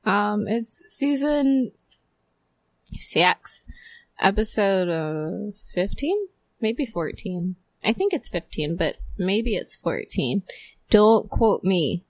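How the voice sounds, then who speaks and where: A woman's voice: medium pitch, big pitch swings, slow, no room sound. Playful young woman hosting a podcast. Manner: playful, laughs a lot, many fillers. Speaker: podcast host. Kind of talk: casual chat.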